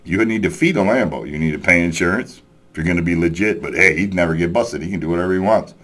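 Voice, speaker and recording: A man's voice: sits low, fast, a bit bright. A man telling a story in a profane, exasperated rant, chuckling as he goes. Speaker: vlogger ranting about a coworker.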